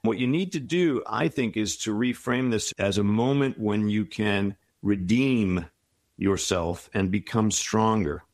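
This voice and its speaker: A middle-aged man speaks in a low, even voice, offering reflective and encouraging advice. He talks as an interview guest and often slips into short anecdotes. The recording is close and dry, with no room sound. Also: measured pace, no room sound. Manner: reflective, encouraging, tells stories.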